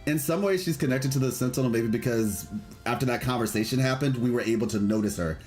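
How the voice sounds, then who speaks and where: A man's voice: medium pitch, fast talker, darkish tone, soft background music. A man streaming a video game, chatting casually and enthusiastically with a rambling, friendly delivery while reading chat aloud. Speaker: gaming streamer.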